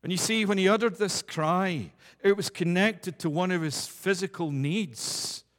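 Man, preacher, fairly high voice, emphatic sermon, long hall reverb. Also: measured pace, fairly bright tone. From United Kingdom. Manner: emphatic, building repeated declarations to a rising pitch.

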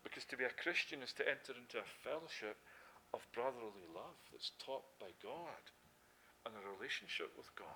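A man's voice: mid-range voice, sharp tone. A middle-aged Scottish man preaching a sermon, emphatic, who asks questions and answers them himself. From Scotland.

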